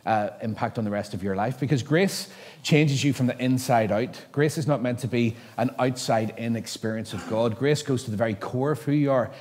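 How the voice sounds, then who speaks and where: Chatty pastor in a big hall. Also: male voice, medium pitch, normal speed, darkish tone. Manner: chatty, self-mocking, laughs at own stories. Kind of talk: sermon with storytelling. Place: large church hall. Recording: church hall with long reverb.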